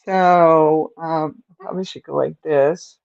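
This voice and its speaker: A woman hosts a relaxed crochet livestream from home, rambling through viewer comments at an unhurried pace. Her nose is stuffed up and her voice sits on the lower side. The audio is dull and lo-fi. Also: creaky. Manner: chatty, meandering, reads and answers viewer comments. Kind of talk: casual livestream chat. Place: at home in front of a camera.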